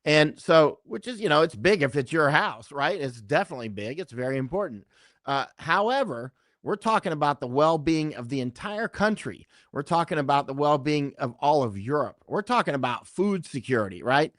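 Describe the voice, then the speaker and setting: A man's voice: on the high side, very animated, moderate pace, fairly bright tone, no echo, studio quality. A middle-aged man talking as an interview guest, rambling and emphatic, often checking in with "right?". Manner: rambling, keeps asking "right?". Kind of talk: conversational interview talk.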